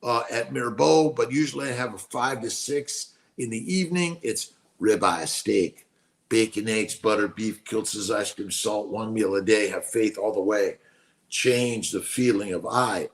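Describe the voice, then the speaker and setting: A man in his late sixties hosts a casual live stream, his lowish voice a little slow and edged with vocal fry. He talks with enthusiasm, repeats himself, and drifts into preaching, all while keeping quiet because someone nearby is asleep.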